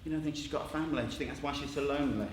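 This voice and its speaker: A man leading an interactive drama workshop, coaxing participants and narrating a story in a lively way. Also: fairly high pitch, very fast, a little hiss or hum. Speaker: workshop leader. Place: theatre stage with a group. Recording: echoey theatre with audience.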